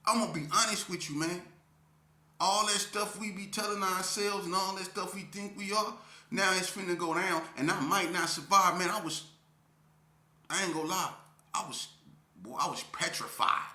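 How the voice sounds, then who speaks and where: A man telling a story from his youth in a casual, animated way, full of slang and often checking in with the listener. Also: sits high, moderate pace, roomy sound.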